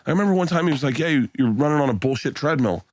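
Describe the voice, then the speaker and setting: A man's voice: lively intonation, very fast, dry recording. Profane storytelling man, dry studio sound. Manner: profane storytelling, acts out friends' lines in a high voice. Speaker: podcast guest. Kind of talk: casual podcast chat.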